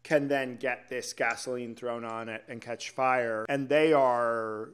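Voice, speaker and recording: A man's voice: medium pitch, steady tone, unhurried, smooth. A man hosting a podcast, chatting casually and agreeably while building on his guest's points. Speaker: podcast host.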